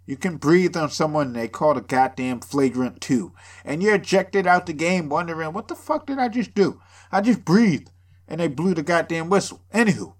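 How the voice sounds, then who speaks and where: A man's voice: on the high side, moderate pace. A man from the area, rambling through a casual, profane podcast monologue full of jokes and sarcasm, sounding a bit drunk. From Boston area. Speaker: podcast host.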